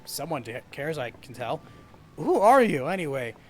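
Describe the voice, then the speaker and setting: A man's voice: fairly high pitch, very animated, moderate pace, darkish tone, voice pushed down. Rowdy drunken sailor, rambling braggart in old sea talk, read by a man doing the voice, game dialogue. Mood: boisterous. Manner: rough sailor dialect, rambling and boisterous.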